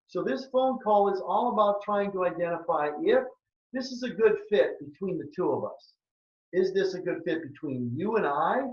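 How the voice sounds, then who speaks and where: A man's voice: high-pitched, reverberant, dull audio. A man in his sixties from southern Minnesota, a health practitioner giving an earnest, emphatic webinar talk that repeats its key points. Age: 60s. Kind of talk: presentation with a sales pitch.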